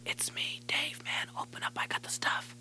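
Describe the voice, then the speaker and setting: A man playing an impatient guy locked outside a door in a comedy record, talking in a breathy hoarse whisper and pleading to be let in. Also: moderate pace, pushed and bright. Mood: urgent whisper. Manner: pleading, exasperated, repeats himself.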